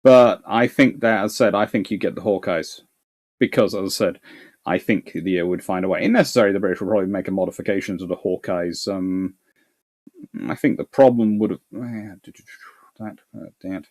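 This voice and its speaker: A man's voice: deep voice, a little fast, darkish tone. A male history host answering viewer questions live, thinking aloud with restarts and repeated words. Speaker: naval history channel host.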